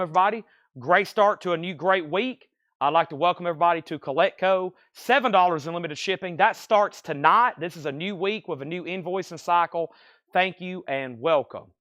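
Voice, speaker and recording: A man's voice: mid-range voice, fairly bright tone, smooth, no echo, clean studio sound. A man selling records on a live stream, running through prices, conditions and thanks to buyers in an easy chatty way. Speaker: record shop livestream seller. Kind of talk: live sales stream patter.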